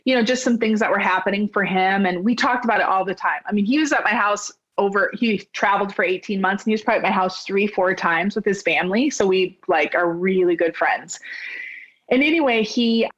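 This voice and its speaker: A woman in her forties chats freely as an interview guest. She talks at a mid pitch and acts out quoted dialogue with sudden pitch jumps. Her voice comes through slightly dull, lo-fi audio. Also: a little fast. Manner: chatty and expressive, acting out quoted dialogue with big pitch jumps. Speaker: real estate business owner, podcast guest. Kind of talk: animated storytelling in a conversational interview.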